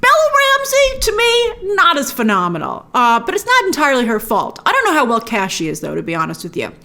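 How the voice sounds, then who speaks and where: Reviewing a TV series in a relaxed, gossipy tone, a high-voiced woman lets her pitch rise and fall all the time. Lively and chatty, she keeps breaking off into brief playful asides, performing them herself.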